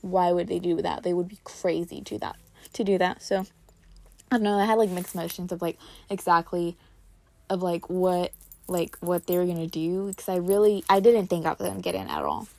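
A woman's voice: lowish voice, fairly even intonation, moderate pace, vocal fry, darkish tone, dry recording. Young woman rambling casually on her vlog, says like a lot, dry close sound. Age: young adult. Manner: chatty, heavy on "like" fillers. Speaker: incoming college student.

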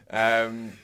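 A young podcast co-host casually recounts a dream, wandering through it with lots of "um"s and "I was like." His medium-pitched voice is pushed and bright, clear and resonant.

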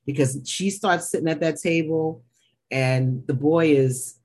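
A woman's voice: low voice, a little slow, a little mellow, slightly rough. A woman co-hosting a casual TV recap, blunt, opinionated and swearing freely. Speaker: podcast co-host.

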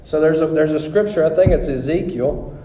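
A middle-aged man giving a sermon testimony in a church hall, telling his story in an animated, rambling way with many restarts. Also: on the high side, fairly quick, background noise. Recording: echoey hall with long reverb.

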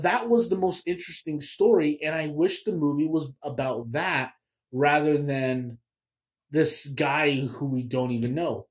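A man's voice: fairly high pitch, a little mellow. A man hosting a casual movie review show, ranting in a chatty, exasperated way with lots of fillers.

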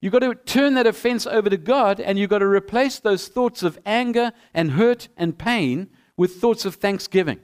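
A middle-aged male pastor preaching a sermon with animated storytelling, acting out both sides of the dialogues. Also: high voice, normal speed, few pauses, clear, resonant tone. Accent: non-American.

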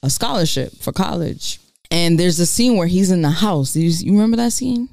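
A podcast co-host in casual chat, telling stories with animated delivery and free swearing. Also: medium pitch, normal speed, creaky. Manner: animated storyteller, swears freely.

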